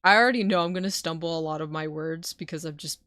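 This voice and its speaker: A woman's voice: sits low, quick pace, fairly bright tone, no room sound, clean studio sound. A woman streamer, not a native English speaker, chatting loosely with her viewers, swearing and laughing often before a book reading. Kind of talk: casual live-stream chat.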